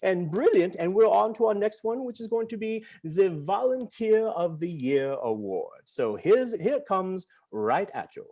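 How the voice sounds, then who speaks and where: A man's voice: sits high, very animated, measured pace, hardly any pauses, mellow. A man hosting an online family event in a playful, theatrical, joking way over a video call. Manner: jokey, upbeat, theatrical. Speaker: event host and entertainer.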